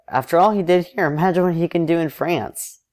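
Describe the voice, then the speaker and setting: A man voicing a delighted middle-aged male statesman in a history story, speaking a little higher and louder than his narration. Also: brisk, natural voice.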